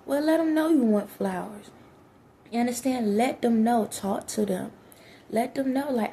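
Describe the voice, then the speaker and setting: A woman's voice: fairly high pitch, normal speed, mellow, slight background noise. A woman, giving blunt, preachy relationship advice straight to her listeners in a casual monologue.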